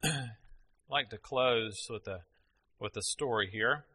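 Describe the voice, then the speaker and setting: A man's voice: medium pitch, a little slow, sharp tone, breathy edge. A middle-aged man preaching a sermon, telling a family story in a folksy way with many fillers.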